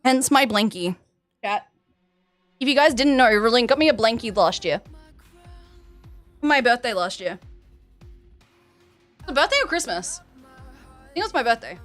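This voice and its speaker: A woman's voice: on the high side, animated, normal speed, pauses often, a bit bright, faint music behind. A young Australian woman streaming a game, chatting in a rambling way and answering her chat over a headset mic. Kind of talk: casual chat while gaming.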